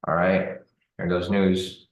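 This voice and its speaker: A man giving relaxed live commentary on a trading chart, thinking aloud with fillers. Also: sits low, slow pace, echoey room, rough recording. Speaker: trading streamer.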